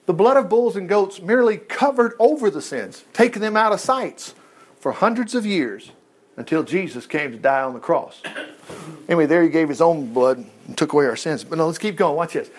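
A man's voice: on the high side, lively intonation, a little fast, slightly rough. A man preaching an informal Bible-study sermon, reading scripture aloud and breaking off with folksy comments.

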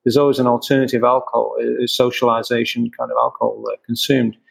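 A man's voice: medium pitch, flat delivery, fast, vocal fry, breathy edge, rough recording. A man in an interview, a craft brewer answering questions with many restarts and fillers.

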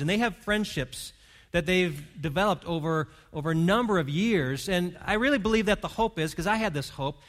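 A man's voice: high voice, fairly bright tone. A man preaching a sermon as pastor, earnest and pastoral, leading his congregation in prayer and reading. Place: church hall.

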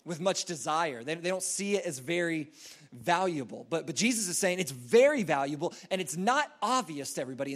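A man preaching a sermon in a casual, rambling storytelling way, full of fillers and restarts. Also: high voice. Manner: acts out quoted voices in a story.

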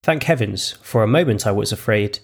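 A prim, know-it-all young woman, as a man reading the story puts her on. She talks down in measured, patronising phrases. Her raised voice keeps a husky, gravelly texture. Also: lowish voice, lively intonation, exaggerated voice. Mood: exasperated. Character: prim condescending young woman, clever and smug.

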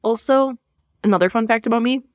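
A woman's voice: fairly high pitch, brisk, a little mellow, no room sound, studio quality. A young woman co-hosting a podcast, telling a story in a casual, laughing way and swearing freely. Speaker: podcast co-host. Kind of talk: casual chat.

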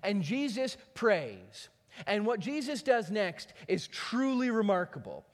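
Animated high-voiced male preacher. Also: unhurried, in a large hall. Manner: animated dramatic storytelling. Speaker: pastor. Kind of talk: sermon.

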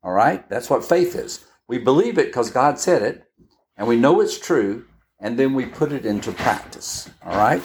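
A woman giving a conversational Bible-study sermon, unhurried, often checking in with her listeners. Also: a bass voice, expressive, darkish tone. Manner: checks in often with "all right?"; unhurried, with pauses and restarts. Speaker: Bible teacher.

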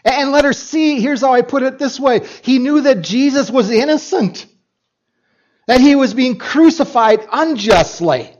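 A man's voice: very high-pitched, animated, measured pace, a little mellow. A man preaching a sermon as pastor, reading scripture and making emphatic points with repeats and asides to the congregation. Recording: dull lo-fi recording.

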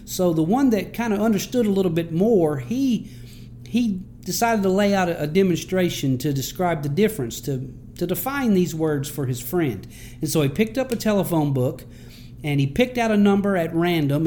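A man's voice: high-pitched, mellow, a little hiss or hum. A man, a pastor, giving a conversational sermon and telling stories with frequent restarts.

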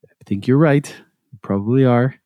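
A man co-hosting a podcast in relaxed casual chat, rambling with fillers and restarts. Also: medium pitch, moderate pace, dry recording. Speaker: podcast co-host.

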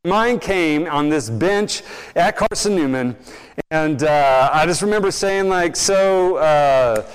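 Animated young male preacher in a reverberant hall. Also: a little high, measured pace, clean tone. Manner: animated storytelling, acts out quoted voices. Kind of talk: sermon. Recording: long reverb in a large hall.

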